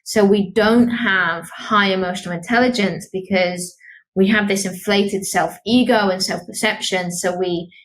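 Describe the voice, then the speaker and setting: A woman's voice: mid-range voice, steady tone, unhurried, a bit bright, slight background noise, low-quality recording. A woman psychologist co-hosting a podcast, explaining research in an academic way. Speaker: psychologist co-host. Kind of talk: podcast discussion.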